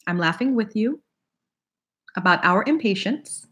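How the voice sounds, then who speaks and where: A woman's voice: medium pitch, expressive, measured pace, a bit bright. A woman hosting a live tarot reading, chatting casually and laughing often while she greets viewers by name.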